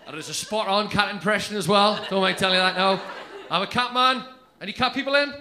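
A man doing live stand-up, brash and sweary, telling stories quickly. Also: high voice, a crowd in the background, noisy background. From England. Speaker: stand-up comedian. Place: comedy club stage with laughing audience.

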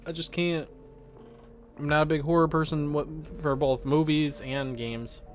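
Faint music sits behind a slightly high male voice that barely moves in pitch. He's a sleepy streamer yawning through a game showcase, reacting casually and thinking aloud without hurry, frequently losing the thread mid-sentence before starting again.

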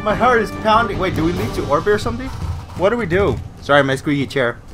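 Excitable young man yelling over a race. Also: high voice, quick pace, over music. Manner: excitable, yelps and repeated cries of no. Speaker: gaming channel host. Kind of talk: live gameplay commentary.

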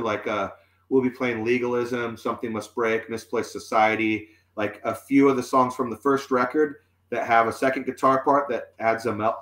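The forties-aged musician speaks in a mid-range voice with a fairly bright tone, rambling through a long, casual story. Restarts and fillers are frequent, and the audio has an echoey, roomy quality.

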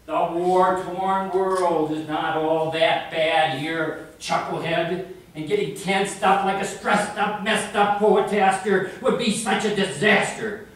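Man doing a sardonic bodiless cosmic voice, emphatic and scolding, slow, distant echo. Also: high-pitched, steady tone, a bit bright. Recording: echoey room heard from far off.

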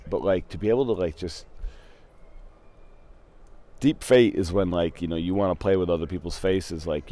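Rambling low-voiced young man. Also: dark tone. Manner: rambling, profane, easily sidetracked. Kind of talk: casual voice chat. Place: at a computer in a voice channel.

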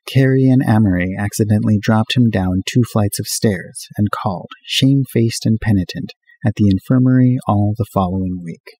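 A man narrating a classic novel in a steady, measured reading voice. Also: on the low side, husky, poor audio. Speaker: audiobook reader.

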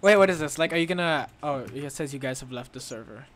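A woman hosting a casual gaming session with friends, giggly and prone to loud excited shouts. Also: deep voice, fast, noisy background. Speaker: gaming channel host.

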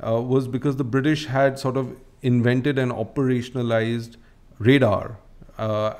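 A man's voice: mid-range voice, darkish tone. A man hosting a podcast, telling a history story in a chatty, casual way with frequent restarts and asides. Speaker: podcast host.

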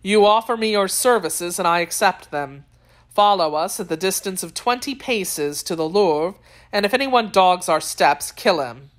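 A proud foreign duke speaks with cool, courtly command, as a woman reads him aloud. The voice sits a little low and is measured and calm, as in a storybook read aloud.

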